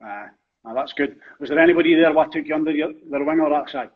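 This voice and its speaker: Scottish male host, husky and high, quick reactions, muffled lo-fi sound. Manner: laughs often, short reactions, sweary. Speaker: podcast host. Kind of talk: casual interview chat. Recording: dull lo-fi sound.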